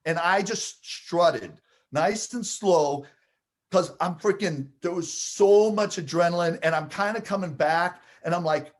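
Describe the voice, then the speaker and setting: A man telling a personal anecdote with animated, building excitement, acting out the scenes as he goes. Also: high-pitched, unhurried. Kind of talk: storytelling anecdote.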